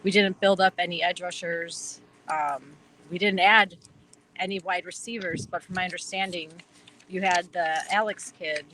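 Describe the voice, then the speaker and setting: A woman with a Wisconsin accent chats as a podcast guest, rambling eagerly with many fillers. Her voice is bright and forward. A faint hiss sits under the recording. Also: on the low side, steady tone, moderate pace, poor audio. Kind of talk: casual chat.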